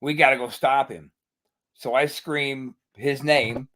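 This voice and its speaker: A man's voice: medium pitch, fairly even intonation, slow pace, sharp tone. A man hosting a podcast, telling a profane story in casual chat. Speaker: podcast host.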